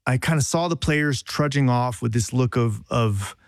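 A man's voice: mid-range voice, moderate pace, no room sound. A man spins a long, self-mocking story about a job gone wrong, circling back and restarting his sentences as he goes. He sounds close and dry, with no room around him. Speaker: journalist telling a story. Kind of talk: casual podcast anecdote.

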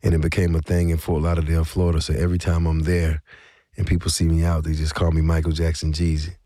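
A middle-aged man talks in an extremely deep, warm voice. He tells his story in an unhurried, conversational way, leaning on small fillers. The sound is dry and close. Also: completely flat delivery, dry recording. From South Georgia. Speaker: guest, rapper. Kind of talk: casual interview conversation.

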